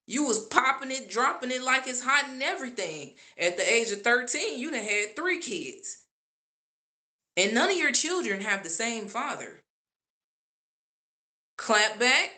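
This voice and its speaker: A woman giving casual opinion commentary as a vlogger, sassy and animated, laughing often. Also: fairly high pitch.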